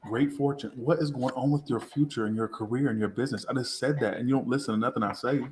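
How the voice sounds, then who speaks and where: A tipsy man reads tarot live in a rambling, crude, self-mocking way. His voice sits at an ordinary middle pitch. The sound carries a noticeable room echo. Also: quick pace, slight background noise. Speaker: tarot reader. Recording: roomy echo.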